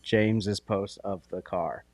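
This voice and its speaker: A man co-hosting a casual livestream, unhurried and hesitant, with many fillers. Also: fairly low pitch, fairly even intonation, darkish tone, no room sound. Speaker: stream co-host.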